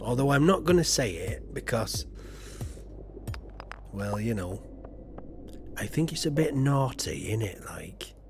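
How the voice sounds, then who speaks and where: A man's voice: mid-range voice, sing-song, slow pace, gravelly, pauses often, soft background music. A man from England, streaming a farming game and chatting casually in a rambling, self-deprecating way with lots of fillers. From Yorkshire, England. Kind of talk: casual chat while playing a game.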